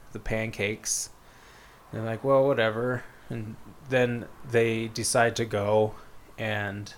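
A man casually retelling a story in a rambling way, with many fillers and quoted lines. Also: fairly low pitch. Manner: rambling, laid-back, lots of fillers and quoted voices. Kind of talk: casual chat, retelling a book plot.

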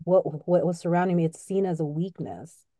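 A middle-aged woman talks with open, heartfelt emotion in a relaxed podcast conversation, often breaking into laughter. Her tone is soft and mellow, recorded close and dry. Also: lowish voice, normal speed, dry recording. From Latino family background. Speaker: podcast co-host.

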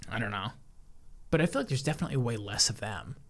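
A man's voice: on the low side, lively intonation, fast, vocal fry. A young man from New York co-hosting a podcast, talking in a laid-back, rambling way and laughing easily. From New York, USA. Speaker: podcast co-host. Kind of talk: casual chat.

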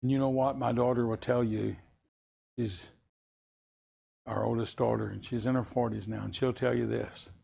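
A man's voice: mid-range voice, fairly even intonation, normal speed, gravelly, pauses often, dark tone, slightly rough. An older man preaching a sermon, telling a family story and rising into impassioned pleas.

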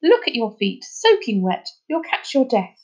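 A woman's voice: big pitch swings, normal speed, slightly rough, heavily acted, rough recording. A woman reading aloud voices a bossy, fussing mother scolding her child. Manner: fussing, higher and louder.

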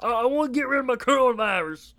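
A man's voice: very high voice, animated, fast, sharp tone, pitched above the performer's own voice, full character voice. A man voicing a dim-witted male cult follower, stammering frantic questions. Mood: panicky.

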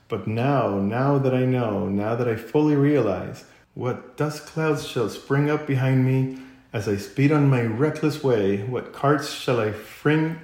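Man reading a besotted storybook toad, dreamy monotone, mellow, roomy sound. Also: mid-range voice, close to an everyday voice. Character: dreamy infatuated male toad, grandiose.

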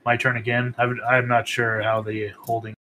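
A man's voice: mid-range voice, completely flat delivery, moderate pace, sharp tone, poor audio. A man playing a tabletop game over voice chat, talking hesitantly with many ums. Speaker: player.

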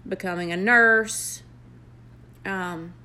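Slow-talking Southern woman, earnest. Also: medium pitch, pushed and bright. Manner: earnest, heartfelt, with pauses and fillers. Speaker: nurse vlogger. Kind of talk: motivational vlog.

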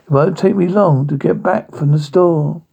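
A prim, fussy little pig, as a man puts him on, speaking in rhyme in a raised, husky voice. He sounds put-upon but proper. The take is dull and lo-fi. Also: on the high side, normal speed, mellow.

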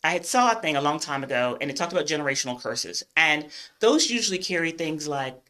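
A woman's voice: low voice, lively intonation, fast, sharp tone. A woman with a Southern US accent, hosting a podcast, chatting in an upbeat way and laughing often. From northern United States. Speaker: podcast host. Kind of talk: casual podcast interview.

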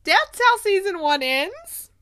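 A young woman casually recapping a TV season, retelling scenes with animated asides and quoting characters in a softer voice. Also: very high-pitched, slow. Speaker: podcast host recapping a TV show. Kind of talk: casual chat.

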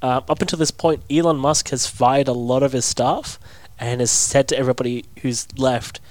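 A man's voice: medium pitch, fairly even intonation, normal speed, no room sound. A young Australian man co-hosting a podcast, joking and rambling in casual chat. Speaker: podcast co-host.

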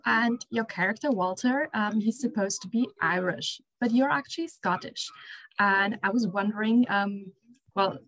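A woman's voice: mid-range voice, moderate pace, a bit bright, poor audio. A woman interviewing an actor, asking long questions with many fillers.

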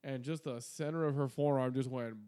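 A man's voice: medium pitch, fairly even intonation, brisk, mellow, clean tone. A man co-hosting a podcast in casual chat, bantering and joking with a lot of profanity. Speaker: podcast co-host.

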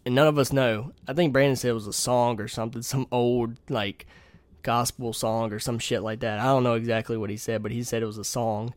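A man's voice: mid-range voice, fairly even intonation, brisk, no echo. A man in his twenties telling a long story in a blunt, profane, casual way, speaking from a home kitchen. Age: 20s. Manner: blunt, profane, reads messages aloud. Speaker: podcast host.

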